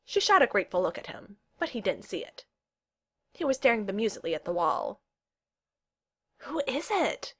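A woman reading a story aloud as narrator, expressive and unhurried. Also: mid-range voice, husky.

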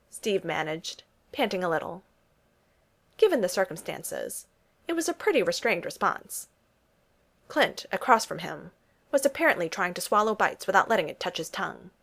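A woman narrating a story aloud in an expressive, wry way. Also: mid-range voice. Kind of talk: audiobook story reading.

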